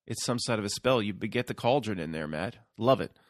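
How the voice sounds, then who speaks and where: A man's voice: lowish voice, animated, a little fast, no echo, studio quality. A man hosting his own channel, talking casually in a rambling solo monologue full of restarts and fillers. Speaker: YouTube channel host.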